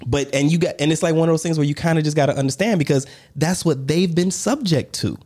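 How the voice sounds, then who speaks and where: A man co-hosting a casual podcast, telling a story with lively pitch swings and acted-out quotes. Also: fast. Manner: animated storyteller, acts out quoted voices, laughs between lines. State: on crutches. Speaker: podcast co-host.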